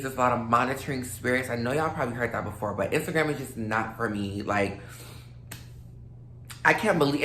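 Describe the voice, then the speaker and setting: A woman in her late twenties talks loosely to her viewers, full of fillers and asides, slightly slurred from a drink. Her voice is bright and forward. The room is echoey, with a faint hum behind her. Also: rumbling low. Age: late 20s. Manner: loose, rambling, many fillers, addresses viewers as y'all. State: a little tipsy, slightly slurred. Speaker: vlogger. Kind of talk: casual rambling monologue to camera.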